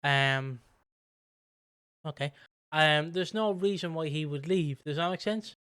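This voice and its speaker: Animated guy, smooth and fairly high. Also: slow, dry recording, studio quality. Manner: rambling, animated, swears freely. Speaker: podcast co-host. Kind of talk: casual podcast chat.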